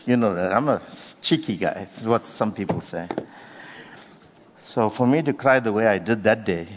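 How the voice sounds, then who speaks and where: Low-voiced preacher in a reverberant hall. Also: male voice. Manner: earnest, unhurried teaching with slow emphatic phrases. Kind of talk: sermon.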